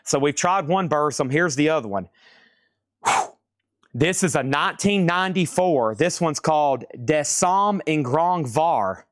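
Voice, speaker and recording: A man selling vinyl records on a live stream in an excitable, jokey auction patter. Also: a little high, a little slow, dry recording, studio quality.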